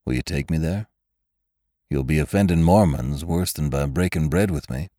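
Laconic old-west gunman, played by a man, very deep, quiet drawl, dry sound. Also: moderate pace, dry recording. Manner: low, quiet, drawling, folksy.

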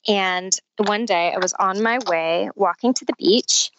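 A woman in her forties, a podcast guest telling a personal story in a lively, casual way and laughing often. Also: medium pitch, measured pace, dry recording, muffled recording.

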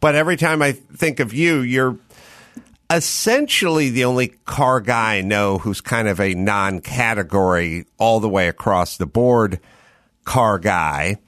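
A man's voice: fairly low pitch, measured pace, fairly bright tone, no room sound, studio quality. A man hosting a casual talk show, riffing in a rambling, conversational way. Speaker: podcast host. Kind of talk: casual chat.

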